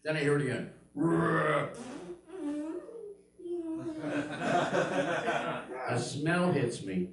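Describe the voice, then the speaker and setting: A man's voice: on the high side, wildly swooping pitch, takes it slowly, long pauses, a loud crowd. An older man doing a stand-up comedy routine, telling punchy stories and acting out the voices of the people in them. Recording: very echoey room, mic at a distance.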